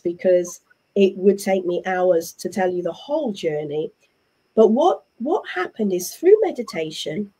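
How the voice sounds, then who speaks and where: A middle-aged woman with an English accent, a guest telling her story in a chatty, animated way and acting out what others said. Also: medium pitch, slightly rough. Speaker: interview guest. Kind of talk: casual conversational storytelling.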